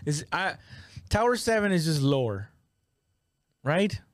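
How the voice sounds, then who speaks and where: A man's voice: on the high side, sing-song, slow pace, no echo, studio quality. Rambling, joking man on a podcast. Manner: rambling, many restarts and fillers, swears, joking. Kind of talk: casual podcast chat.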